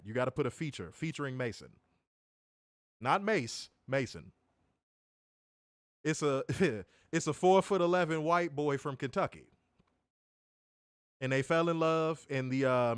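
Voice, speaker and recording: A man co-hosting a review podcast, ranting and teasing in a loud, profane, animated way. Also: medium pitch, no echo, studio quality. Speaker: co-host of a wrestling review show. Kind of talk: casual podcast chat.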